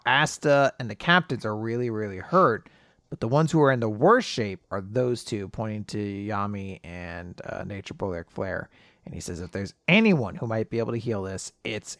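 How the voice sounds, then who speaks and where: A man co-hosting a casual podcast, retelling manga chapters with animated delivery and quick character voices. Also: on the low side, no echo, studio quality. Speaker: podcast co-host.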